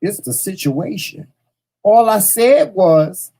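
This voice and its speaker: A man speaking to his audience in a mellow, husky voice. He tells a personal story bluntly, with cursing, and hammers his points home by repeating phrases. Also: a little high, expressive, unhurried, poor audio. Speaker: host. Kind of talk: casual storytelling monologue to viewers.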